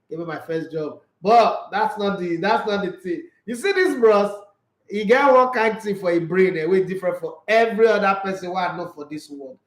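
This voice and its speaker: A man with a Nigerian accent hosting a casual sports livestream, animated, laughing often and switching between Pidgin and English. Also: high voice, roomy sound.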